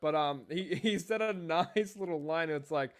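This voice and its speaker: A man's voice: on the high side, moderate pace. A young man co-hosting a wrestling review podcast, rambling and swearing in casual chat. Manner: profane, rambling, jokey. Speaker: podcast co-host.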